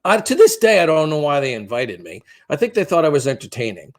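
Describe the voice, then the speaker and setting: A man's voice: on the high side, wildly swooping pitch, quick pace. A man in his fifties co-hosting a podcast, telling a long story in a rambling, profane, self-deprecating way. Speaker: podcast co-host.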